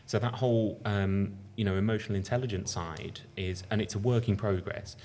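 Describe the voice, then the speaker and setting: A man with a Birmingham accent, a company founder talking things through on a casual podcast, relaxed and thinking aloud with fillers and restarts. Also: fairly low pitch, a little fast, a little hiss or hum. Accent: Birmingham English. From England. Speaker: company founder being interviewed.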